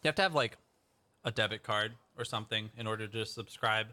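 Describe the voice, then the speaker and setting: A man's voice: on the low side, fairly quick, pushed and bright. A young man streaming from home, chatting with his viewers in a rambling, think-aloud way. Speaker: livestreamer. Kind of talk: casual chat with stream viewers.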